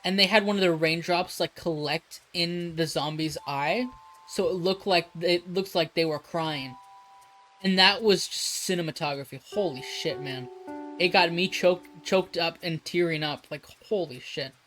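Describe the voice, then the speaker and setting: A streamer on a live broadcast talks at a mid pitch in a loose, rambling way, laughing often and swearing freely. Faint music plays underneath. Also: unhurried, fairly bright tone, rough recording. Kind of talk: casual live-stream chat while drawing.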